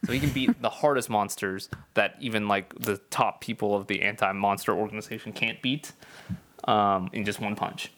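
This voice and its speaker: A man's voice: fairly low pitch, normal speed. Laid-back male podcast co-host. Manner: relaxed, rambling, self-correcting. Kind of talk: casual chat.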